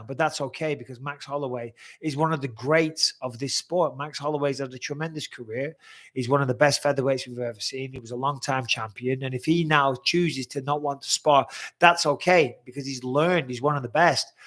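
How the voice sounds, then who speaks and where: A man in his forties hosting a casual live-stream Q&A, reading out viewer questions and answering them bluntly, chatty and quick to swear. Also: mid-range voice, sharp tone. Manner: blunt, chatty, swears freely, repeats himself.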